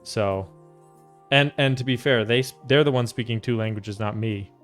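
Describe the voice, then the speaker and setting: A man's voice: mid-range voice, moderate pace, faint music behind. A young American man chatting casually with his stream chat while he builds a keyboard. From United States. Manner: relaxed, chatty, reads and answers chat.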